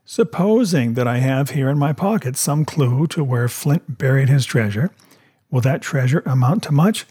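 A man voicing a calm, shrewd country doctor in a storybook reading, measured and dry, with a husky voice. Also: medium pitch. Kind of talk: audiobook character voice.

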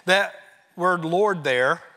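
A man preaching a sermon as pastor, emphatic and rising, then dropping to a hushed tone on key phrases. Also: high-pitched, drawn-out words, long reverb tail.

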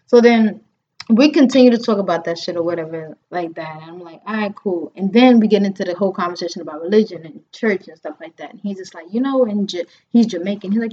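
A woman in her thirties tells a story in a relaxed, chatty way, and her voice jumps up whenever she acts out a line someone said. The recording sounds dull and lo-fi. She talks at a middle pitch for a woman. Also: moderate pace. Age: 30s. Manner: animated, acts out quotes, frequent fillers. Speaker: podcast host. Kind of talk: casual chat, storytelling.

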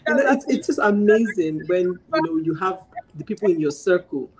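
A woman guest sharing her parenting experience in casual chat, telling animated stories, acting out dialogue and laughing often. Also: fairly low pitch, normal speed, slightly rough, low-quality recording.

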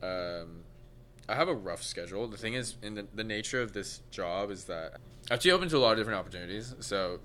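A man's voice: lowish voice, lively intonation, fast, sharp tone, a little hiss or hum. A man in his twenties, a cooking creator, chatting casually as a podcast guest in a dry, laid-back way and swearing offhandedly.

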